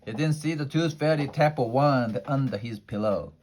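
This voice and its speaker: Man storyteller, unhurried picture-book read-aloud with the odd slip and restart. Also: mid-range voice, a little mellow. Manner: unhurried, with small slips and restarts.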